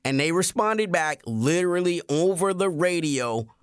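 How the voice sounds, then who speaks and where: A man's voice: a little high, expressive, moderate pace, clean tone, no echo. Blunt profane man. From American South. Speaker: podcast co-host. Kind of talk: heated casual political discussion.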